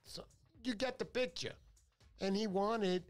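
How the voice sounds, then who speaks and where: A radio show host with a fairly high, slightly slow voice tells stories on his talk show. His delivery is chatty and joking, and he keeps wandering off topic in this casual storytelling.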